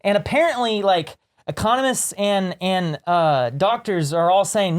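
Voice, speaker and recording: A man co-hosting a podcast, telling stories in casual chat with lively, rambling delivery. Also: sits high, unhurried. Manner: rambling storyteller, animated. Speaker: podcast co-host.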